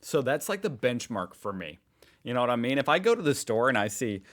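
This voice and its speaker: Lively, chatty American man reacting. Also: mid-range voice, brisk. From United States. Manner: chatty, joking, reads posts aloud and reacts. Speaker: reaction video host. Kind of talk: casual reaction commentary.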